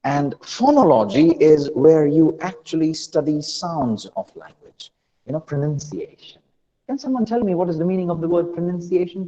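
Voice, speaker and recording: An energetic man teaches a live online class, urging learners to answer fast in the chat. His voice sits a bit high but mellow. It comes over a dull, lo-fi call line with a long, hollow echo. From India. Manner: energetic, repeats phrases, prods learners for quick chat replies. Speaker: online English trainer.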